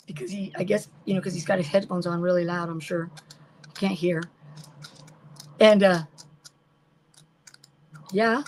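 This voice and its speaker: A woman's voice: medium pitch, measured pace, long pauses, rough recording. An older woman chatting casually while crafting on a livestream at home, rambling and greeting viewers by name.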